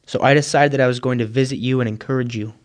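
A man voicing a grieving, forgiving middle-aged mother in a retold story, in a quiet, earnest way. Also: medium pitch, fairly even intonation, quick pace, close to an everyday voice.

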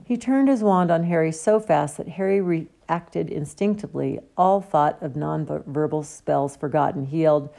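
A woman reads a novel aloud in a steady storytelling manner. Her voice is low and gravelly, with a dark, mellow tone. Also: normal speed, hardly any pauses. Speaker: audiobook reader. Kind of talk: audiobook narration.

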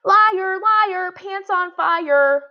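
A woman voicing a bratty, teasing little girl with a squealing high voice, read aloud from a storybook. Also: very animated, a little fast. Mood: taunting. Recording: dull lo-fi audio.

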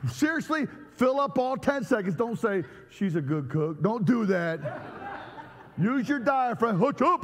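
Male preacher, high voice, jokey and energetic with the crowd, long hall reverb. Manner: joking, energetic, banters with the audience. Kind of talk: humorous sermon to a live congregation.

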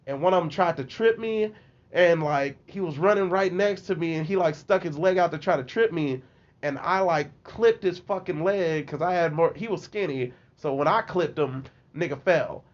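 A man as a podcast guest, telling stories in a casual, animated, profane way and acting out other people's voices. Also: high-pitched. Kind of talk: casual storytelling. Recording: lo-fi podcast audio.

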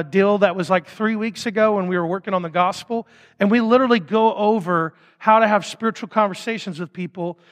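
A man preaching a sermon as pastor, casual and conversational with quick asides. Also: sits high, fairly bright tone, in a large hall.

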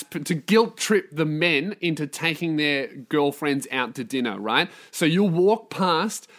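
A man's voice: a little high, fairly bright tone. A young man hosting a solo comedy podcast, ranting in a profane, self-mocking way. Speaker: podcast host.

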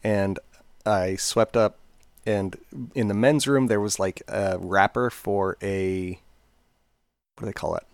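Brief: low-voiced man, rambling casual storyteller, close dry mic. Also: steady tone, slow pace, pauses often, no echo. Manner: rambling, chatty, many fillers. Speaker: podcast co-host.

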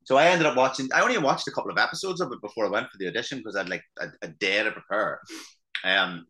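An Irish actor chatting as a podcast guest, telling anecdotes in a loose, swearing conversational way. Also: male voice, lowish voice, expressive, fast talker, bright, forceful tone. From Ireland. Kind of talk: casual podcast chat.

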